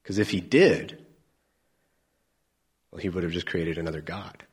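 A man preaching a sermon, animated, swinging from loud emphatic lines to soft near-whispers. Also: low-pitched, a little slow, slightly rough.

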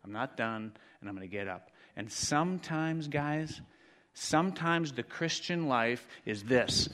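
A man preaching a sermon as pastor, swinging from quiet, intimate lines to loud, dramatic ones. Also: mid-range voice, lively intonation, unhurried. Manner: dramatic swings from hushed to shouting. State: out of breath.

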